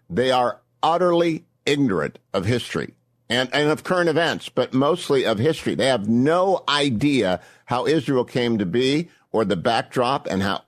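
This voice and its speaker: A man hosting a radio talk show, asking pointed questions in a blunt, opinionated way. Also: mid-range voice. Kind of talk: radio interview.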